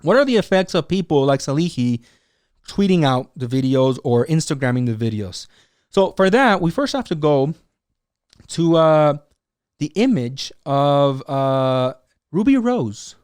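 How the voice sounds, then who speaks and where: A man with a slightly raised pitch talks straight into the mic in a dry, close room. He hosts his own commentary show, running hot and sarcastic and breaking into mocking voices to act out what others said. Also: unhurried, clear, resonant tone, dry recording. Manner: excitable, sarcastic, acts out quotes in mocking voices. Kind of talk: animated solo commentary.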